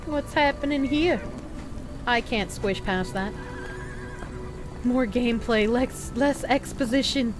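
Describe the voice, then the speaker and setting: High-pitched, playful woman streamer. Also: slow pace, pauses often, music in the background. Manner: playful, chatty, reacts to chat. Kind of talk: casual gameplay commentary.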